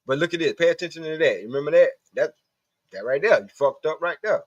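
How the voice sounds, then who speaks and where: Speaking fast and animatedly in a slightly high voice, this streamer rambles to his chat in a casual, profane monologue. It's a dry recording with dull, lo-fi stream audio.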